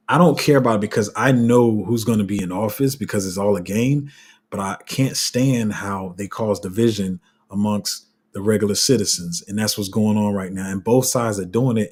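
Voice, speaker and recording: A man's voice: on the low side, moderate pace, darkish tone, slightly rough. A man hosting a crypto channel, giving a heated, passionate livestream rant full of restarts. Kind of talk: casual livestream commentary.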